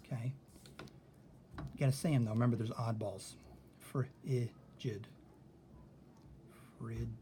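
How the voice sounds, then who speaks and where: A man teaching a recorded lesson, thinking out loud as he works through examples and often checking in with "okay?". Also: medium pitch, steady tone, fairly quick, long pauses, background noise.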